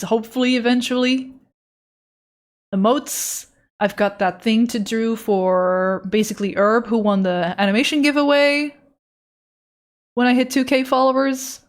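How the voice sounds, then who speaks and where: A young woman streams while she works, chatting casually in a slightly high voice. She talks slowly and unhurriedly, and she giggles and gushes when something moves her. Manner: giggly, gushing, emotional. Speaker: art streamer. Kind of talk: casual live-stream chat.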